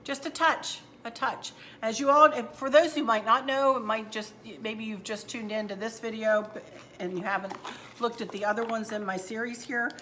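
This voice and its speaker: A woman's voice: a little high, fairly even intonation, moderate pace, a bit bright, a little hiss or hum. A middle-aged woman, chatting casually to viewers at home while she shows her fall decorating and crafts. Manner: chatty, homey, addresses viewers as y'all. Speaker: home decor channel host. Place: at home, indoors.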